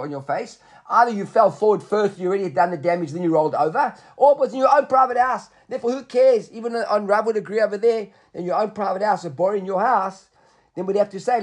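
Man, high voice, Talmud teacher, step-by-step explaining, checks in with class.

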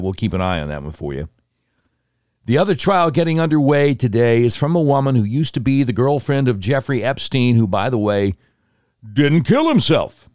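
A man's voice: mid-range voice, a little mellow, no echo, clean studio sound. Sardonic male news commentary host. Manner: conversational, sarcastic asides, self-correcting. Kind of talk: casual news commentary reading articles.

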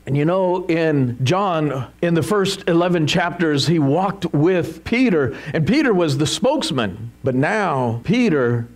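A male pastor delivers his sermon in an emphatic, animated way. His voice sits a little high for a man and rises and falls widely as he asks rhetorical questions of his listeners. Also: measured pace.

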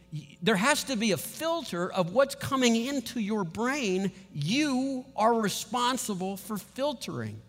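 Brief: lively male pastor, high voice, long church reverb, acts out scenes mid-sermon. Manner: animated, acts out scenes, laughs often.

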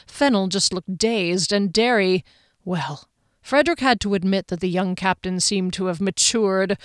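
A woman narrating a fantasy audiobook with a steady, expressive reading. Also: medium pitch, clear, resonant tone, dry recording, studio quality. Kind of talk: scripted narration.

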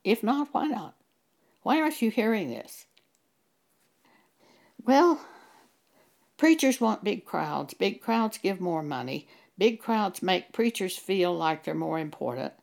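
Here a woman who teaches the Bible preaches slowly, pausing often, her sing-song voice gravelly, rough at the edges and a little mellow. Wide pitch swings carry her rhetorical questions and emphatic scripture citations.

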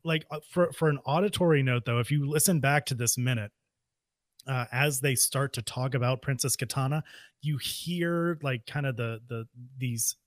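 A man's voice: medium pitch, normal speed, dry recording. Hesitant man musing about a film. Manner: thoughtful, hesitant, with many restarts and "like". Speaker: podcast co-host. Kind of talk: casual movie commentary chat.

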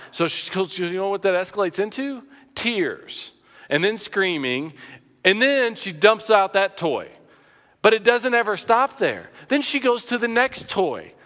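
Male pastor, slightly high voice, chatty anecdotal sermon, long hall reverb. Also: sharp tone. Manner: conversational preaching with personal anecdotes.

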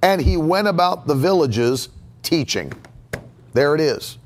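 A man's voice: fairly high pitch, animated, unhurried. A man preaching a sermon as pastor, emphatic and repeating his key phrases. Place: church sanctuary.

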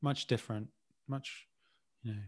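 A man's voice: medium pitch, steady tone, moderate pace, a little mellow. A man in casual conversation, talking in a hesitant, easygoing way and laughing easily. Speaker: conversation partner.

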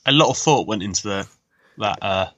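A man joining a podcast remotely, speaking in a measured, slightly halting way in casual chat. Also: lowish voice, expressive, fairly bright tone. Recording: dull lo-fi call audio.

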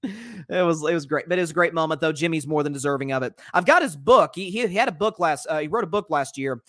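A man with a drawl runs a solo sports talk show, rambling and animated, stumbling over restarts as he reacts to games. His voice sits a little higher than most men's. The sound is close and dry, with no room to it. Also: fast, dry recording. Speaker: sports podcast host. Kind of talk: casual solo sports commentary reading live comments.

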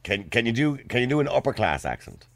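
Irish guy hosting a phone-in, gravelly voice, bouncy pitch, joking around. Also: big pitch swings, fast, a crowd in the background. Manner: joking, laughs often. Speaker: radio host. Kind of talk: radio phone-in chat.

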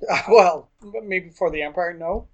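Man, podcast co-host, animated and enthusiastic, casual chat with quick asides. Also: high voice.

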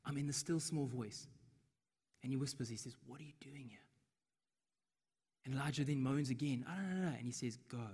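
Man preaching in a reverberant hall. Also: fairly high pitch. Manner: conversational, acts out quoted lines in a soft whisper. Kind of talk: sermon.

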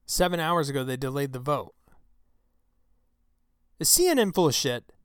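A man hosting his own talk show, delivering an angry, profane political rant into a close microphone, with shouted outbursts. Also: medium pitch, big pitch swings, normal speed, smooth, no room sound. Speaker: show host. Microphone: close studio mic.

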